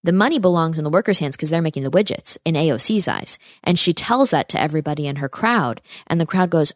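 A woman's voice: sits low, expressive, quick pace, few pauses, no echo, studio quality. A woman hosting a political commentary podcast, speaking emphatically and throwing out sarcastic rhetorical questions. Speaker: podcast host.

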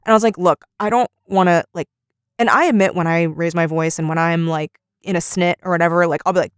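A woman's voice: on the low side, quick pace, clean tone, dry recording, studio quality. A woman co-hosting a podcast, casually retelling an argument and acting out each quoted line. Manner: animated storyteller, acts out quoted lines. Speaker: podcast co-host.

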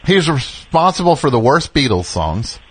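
A man's voice: mid-range voice, sing-song, normal speed, breathy edge. A man hosting a call-in radio show, sarcastic and riffing with mock exasperation at callers. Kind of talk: casual call-in radio chat.

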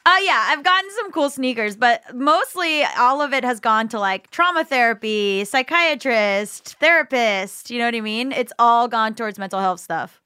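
A woman around thirty co-hosting a talk show, joking and self-mocking with quick asides. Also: a little high, pushed and bright, clean tone, no room sound, studio quality. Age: 30s. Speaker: co-host. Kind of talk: casual podcast banter.

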